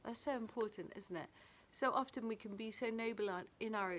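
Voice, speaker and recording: A woman from England giving a gentle, reflective daily devotional, reading a passage and a prayer and adding her own thoughts. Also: fairly high pitch, brisk. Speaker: church devotional leader. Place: small garden playhouse. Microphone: camera video.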